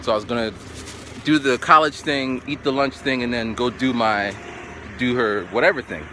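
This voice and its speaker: A man's voice: medium pitch, normal speed, noisy background. A man in his forties tells a story to the camera in a casual way. He acts out what people said and keeps going back to "so then.". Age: 40s. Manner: animated anecdote telling, acts out quotes, repeats "so then". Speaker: vlogger.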